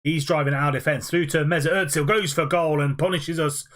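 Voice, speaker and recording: Young man, upbeat gaming commentator calling football matches, slightly higher voice, filler-heavy delivery. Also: fairly even intonation, a bit bright, a little hiss or hum. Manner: quick play-by-play with frequent "uh" fillers. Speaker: video game player commentating his own matches. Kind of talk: play-by-play football commentary over gameplay.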